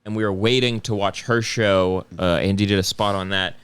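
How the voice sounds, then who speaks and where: A young man with a smooth, clear voice spins a story on a podcast. He talks in a loose, animated way, laughs a lot and slips into voices as he tells it. The sound is close and dry. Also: low-pitched, normal speed, no echo. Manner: animated storyteller who laughs often and acts out quotes. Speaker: comedian guest.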